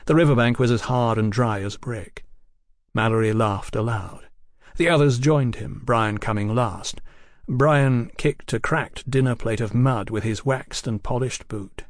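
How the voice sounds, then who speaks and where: A man narrating an audiobook in an even, unhurried way. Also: mid-range voice, no room sound, studio quality. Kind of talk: scripted narration.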